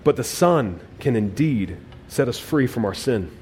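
A male pastor preaching a sermon, emphatic, with swings between loud and quiet phrases and frequent restarts. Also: mid-range voice, animated, measured pace, slight background noise. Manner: repeats words as he restarts phrases.

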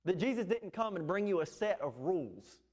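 A man's voice: sits high, expressive, fairly quick, darkish tone. A man preaching an expository sermon, earnest and emphatic, with fillers and restarts. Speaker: pastor.

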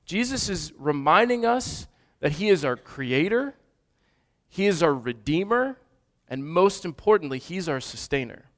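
A man's voice: a little high, fairly bright tone. A man in his thirties, a father of toddlers, preaching an earnest, conversational sermon with frequent restarts. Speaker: pastor.

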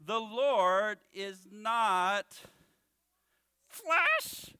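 A man doing a ventriloquist act, voicing a goofy, excitable male pet bird puppet that clowns around with silly wrong answers for children. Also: sits high, very slow, clear, resonant tone, full character voice. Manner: silly, cheeky, misreads words.

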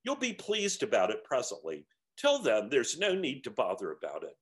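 A kindly, serene spirit, read by a man, answers calmly and gently. His voice has a lilting, expressive rise and fall. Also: mid-range voice. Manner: calm, gentle, unhurried. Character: serene joyful male spirit, calm and kindly.

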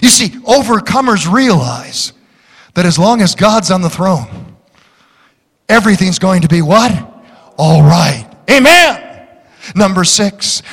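A man preaching a fiery sermon as pastor, building to shouts. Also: high voice. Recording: large hall reverb.

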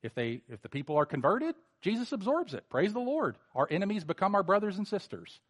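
A male pastor preaching a sermon, animated, with sarcastic mocking asides. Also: high voice, fairly quick.

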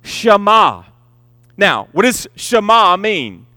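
Emphatic high-voiced male preacher. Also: big pitch swings, bright, forceful tone, no room sound, studio quality. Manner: emphatic, repeats key words, slows to stress points. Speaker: pastor. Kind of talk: sermon.

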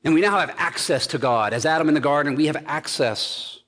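High-voiced preacher in an echoing hall. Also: male voice, brisk, fairly bright tone. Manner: emphatic preaching with repeated phrases. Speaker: pastor. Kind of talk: sermon.

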